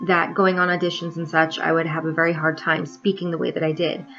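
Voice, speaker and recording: A woman's voice: low voice, level tone, fairly quick, fairly bright tone, soft background music. Blunt, wry woman vlogger, lo-fi. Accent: neutral American, trained. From New York, US. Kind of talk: confessional vlog monologue.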